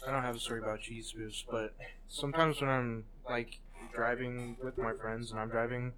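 A young man co-hosting a casual podcast, a relaxed storyteller who laughs at his own anecdotes. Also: medium pitch, moderate pace, slight background noise, poor audio. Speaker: podcast co-host. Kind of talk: casual chat.

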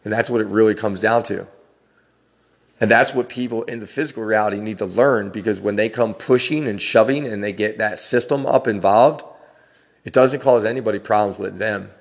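A man's voice: lowish voice, brisk, long reverb tail. A man hosting a podcast, talking in a frank, profane, rambling personal monologue. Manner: frank and profane, with frequent laughs. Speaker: podcast host.

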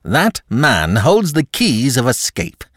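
A man's voice: mid-range voice, very animated, slow pace, a bit bright, no echo, clean studio sound, voice pushed up, full character voice. A man voicing a cold, desperate aristocrat who speaks in an icy, clipped, menacing way.

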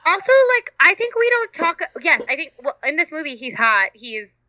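A woman's voice: high-pitched, big pitch swings, normal speed, sharp tone, no echo, dull audio. A young woman co-hosting a podcast, chatting casually about movies in a blunt, playful way. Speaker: podcast co-host.

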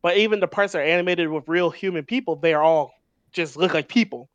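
Higher-voiced man explaining at length. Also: fast, fairly bright tone, no room sound, dull audio. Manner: thoughtful, restarts often while explaining. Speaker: podcast co-host. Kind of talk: casual film discussion.

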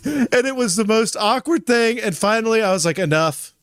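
A man's voice: very high voice, fairly quick, dry recording, clean studio sound. A man in his forties, a podcast host, casually telling a story and swearing freely as he acts out what people said.

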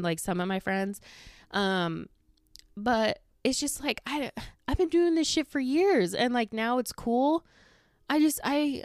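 A woman's voice: on the high side, no room sound, studio quality. A woman in her thirties ranting sarcastically in a casual solo podcast, swearing freely and mimicking people.

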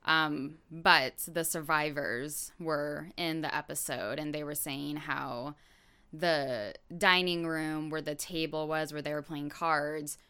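A woman hosting a podcast, telling a true crime story in a relaxed, casual way with lots of fillers and asides. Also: sits low, takes it slowly, clear, resonant tone.

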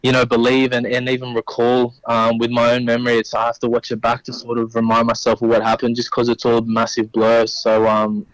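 A young man, a rugby league player and guest, speaking humbly and haltingly, with many restarts. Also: medium pitch, monotone, dry recording, low-quality recording. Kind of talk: conversational interview.

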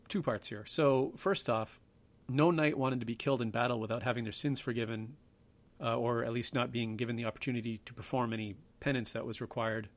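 A male podcast host chatting casually at a middling pitch. He rambles, hedges and tosses in self-deprecating asides. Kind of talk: casual history podcast talk.

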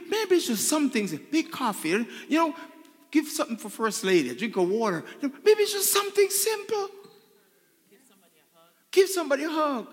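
A male pastor with a high, breathy-edged voice preaches a sermon in a church sanctuary, repeating phrases and calling on the congregation for an "Amen". The recording carries long reverb from the large hall.

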